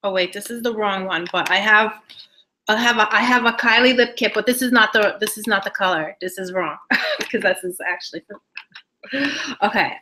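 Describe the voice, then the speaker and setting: A young woman hosting a casual live beauty giveaway stream, chatting excitedly with viewers, laughing often and trailing off mid-sentence. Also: medium pitch, normal speed, slight background noise, low-quality recording. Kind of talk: casual live-stream chat reading comments.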